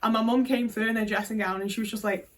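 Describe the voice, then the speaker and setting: A woman's voice: fairly high pitch, fairly even intonation, fast, distant mic, a little hiss or hum. A woman candidly telling a personal story in a vlog, swearing often and leaning on fillers as she talks. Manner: frank, emotional storytelling with many fillers and swearing. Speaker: vlogger.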